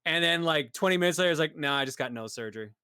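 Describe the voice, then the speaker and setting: Smooth-voiced man on a podcast. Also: on the high side, lively intonation, racing, bright, forceful tone. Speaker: podcast co-host. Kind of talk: casual podcast chat.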